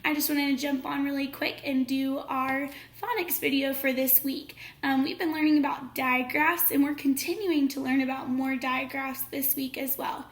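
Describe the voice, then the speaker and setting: A woman teacher giving a phonics lesson to young children, speaking slowly and clearly with encouraging praise. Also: sits high, fairly even intonation, echoey room. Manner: slow, clear, encouraging classroom delivery.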